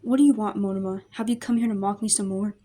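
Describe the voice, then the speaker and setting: A woman voicing a defiant, tearful teenage girl who softens in an amateur fan story reading. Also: mid-range voice, fairly even intonation, quick pace, lightly acted. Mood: teasing.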